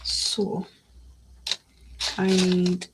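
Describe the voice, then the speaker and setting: A woman's voice: lowish voice, monotone, very slow, background noise. A woman chatting casually on a live stream, reading out chat messages while she builds a model kit at her desk.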